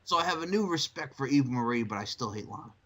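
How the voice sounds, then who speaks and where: A man co-hosting a casual podcast chat, talking loosely and swearing freely. He swings from flat grumbling to high, shrill mockery when he gets worked up. His voice sits in an ordinary middle range. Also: quick pace. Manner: animated, swearing, jumps into shrill mocking impressions. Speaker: podcast co-host.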